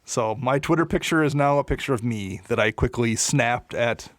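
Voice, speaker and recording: His mid-range voice is a bit bright and moves at a moderate pace, captured in studio quality without room sound. As a podcast co-host in casual chat, he rambles, uses many fillers, and pokes fun at himself.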